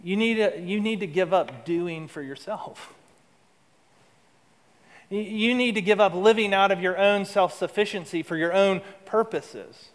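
A man delivers a sermon as pastor, his voice sitting a little high for a man. He swells to emphatic lines, then drops into soft, low asides. The sound carries a long reverb, as from a big hall. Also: a little slow.

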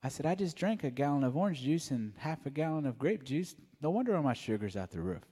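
Soft-spoken man in a reverberant hall. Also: on the high side, big pitch swings, fast talker, slightly rough. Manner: mellow, soft-spoken storytelling. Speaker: church member giving testimony. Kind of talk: personal testimony. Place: church sanctuary.

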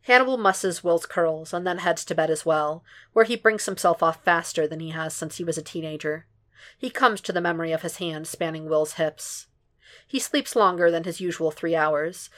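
A woman narrates a fan fiction story aloud at a steady, unhurried pace. Her voice sits a bit low for a woman. The delivery stays even from line to line. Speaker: podfic reader. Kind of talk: audiobook fan fiction reading.

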